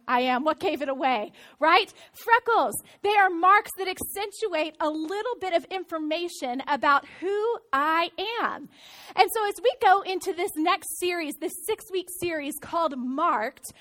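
A woman pastor giving a sermon, telling a playful, self-mocking story with bursts of excitement. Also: very high-pitched.

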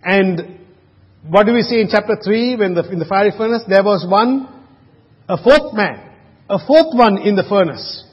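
A man's voice: sits high, lively intonation, normal speed, husky. A man preaching a sermon, earnest, asking rhetorical questions and often restarting his sentences. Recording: muffled, reverberant hall.

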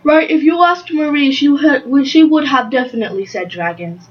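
A woman's voice: high voice, muffled recording, lightly acted. A woman playing a chatty young unicorn. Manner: playful, earnest, halting. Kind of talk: improvised role-play interview.

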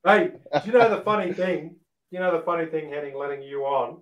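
Male host, fairly high voice, enthusiastic and swearing, echoey room. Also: fairly quick. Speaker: podcast host. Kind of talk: casual banter on a podcast. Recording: roomy echo.

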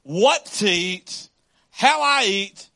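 Male pastor, middle-aged, high bright voice, storytelling sermon. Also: lively intonation, drawn-out words, creaky. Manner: storytelling with laughs and acted quotes.

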